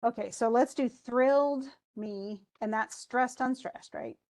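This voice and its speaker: A woman's voice: fairly high pitch, measured pace, darkish tone. A woman teaching an English class, reading a poem aloud and then explaining its stresses with frequent restarts. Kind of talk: classroom lesson.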